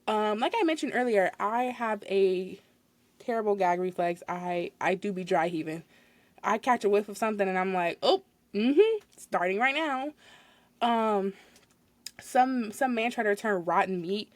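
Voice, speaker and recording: A woman's voice: medium pitch, no room sound. A young woman hosting a podcast, telling a work story in a casual, exasperated way with frequent laughs. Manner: animated, exasperated retelling with laughs. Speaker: podcast host.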